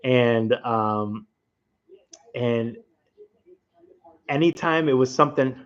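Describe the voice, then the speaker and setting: Speaking slowly in a medium-pitched voice, a livestream host with a Rhode Island accent rambles casually to his viewers late at night from his home. The recording sounds muffled.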